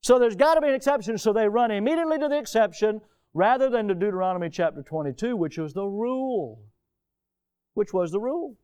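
A male preacher with a high, clear, smooth voice delivers an emphatic sermon. He keeps putting questions to his listeners and answering them himself. He swings from loud, stressed lines to low, quiet ones. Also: expressive, fast talker. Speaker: preacher and teacher.

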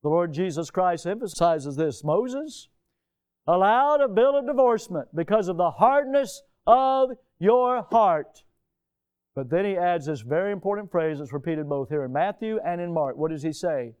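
A man preaching a sermon, emphatic, asking his listeners questions and answering them himself, swinging between loud stressed lines and low quiet ones. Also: lively intonation, moderate pace, smooth. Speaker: preacher and teacher.

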